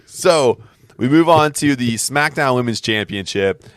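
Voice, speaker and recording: A man's voice: mid-range voice, expressive, a little slow, clean tone, no echo, clean studio sound. A man co-hosting a podcast, casually recapping a wrestling match with fillers and laughs. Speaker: podcast co-host.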